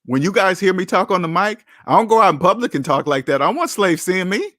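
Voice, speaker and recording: A man's voice: high-pitched, big pitch swings, fast, pushed and bright, no room sound, clean studio sound. A man hosting a personal finance livestream who talks bluntly to his chat, lectures like a preacher and repeats his key phrases for emphasis. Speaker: personal finance channel host. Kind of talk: livestream talk answering chat.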